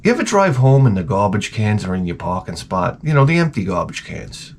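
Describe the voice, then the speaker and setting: A man's voice: fairly low pitch, very animated, a little fast, a little hiss or hum. A hungover man vlogging in a rambling, profane comedic monologue. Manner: rambling, profane, crude humor.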